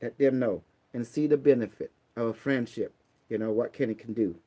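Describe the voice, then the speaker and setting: A man's voice: mid-range voice, a little fast, mellow. A man from Cambodia giving blunt, streetwise, preachy advice in a casual motivational talk. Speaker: online talk host.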